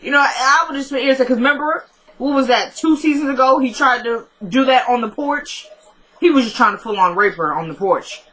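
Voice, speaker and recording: A woman with a bright, forward voice recaps a TV episode in a loose, chatty way. She is opinionated and keeps breaking off into quick asides and jokes, as if talking straight to her regular viewers. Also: high-pitched, poor audio. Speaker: TV episode reviewer. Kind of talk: casual episode recap with commentary.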